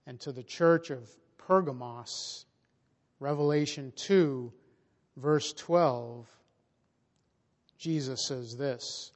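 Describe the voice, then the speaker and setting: A man preaching a sermon slowly and emphatically, his voice rising and swelling in volume for emphasis. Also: mid-range voice. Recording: long reverb of a large hall.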